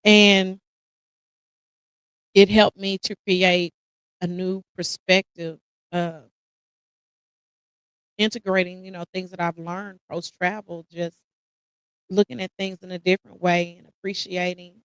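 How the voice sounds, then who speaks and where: A woman's voice: fairly low pitch, level tone, a little slow, pauses often, clean tone, no room sound, poor audio. An American woman hosting a podcast, speaking casually and emotionally while holding back tears as she reflects on a personal story. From United States. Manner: casual, addresses listeners as y'all. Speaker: podcast host.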